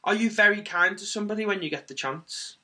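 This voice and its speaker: Bright, upbeat man teaching. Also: high voice, fast. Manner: encouraging, clear and energetic delivery. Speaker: music teacher. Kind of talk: singing lesson for children.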